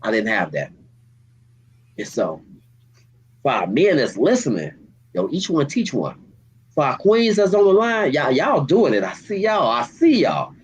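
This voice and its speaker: A man, a community activist, speaking with deep emotion and street slang in an interview, near tears. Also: big pitch swings, unhurried, long pauses, slightly rough, highs cut off. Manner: heartfelt, storytelling, street slang. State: holding back tears.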